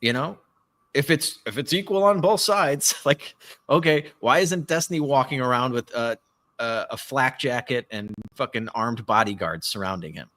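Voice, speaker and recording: A man co-hosting a live podcast, talking in a rambling, animated way and swearing often. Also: mid-range voice, moderate pace. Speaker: podcast co-host. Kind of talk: casual political chat. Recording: live stream call.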